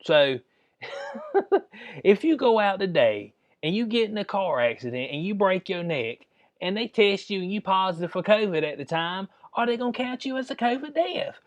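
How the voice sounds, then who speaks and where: A man's voice: high voice, big pitch swings, moderate pace, no echo. A man hosting his own channel, ranting in casual slang with exasperated asides. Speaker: channel host. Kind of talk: ranting commentary vlog.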